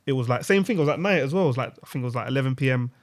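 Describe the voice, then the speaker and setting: A man's voice: medium pitch, racing. A young man, a podcast co-host telling a personal story in casual chat, full of slang and acted-out quotes. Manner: animated storytelling with London slang, acting out quotes.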